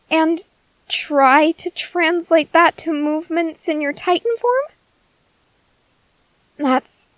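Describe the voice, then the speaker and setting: A woman voicing an eccentric, excitable female scientist in an ASMR role-play, coaxing and gushing in a cheerfully unsettling way. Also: sits high, dry recording, poor audio.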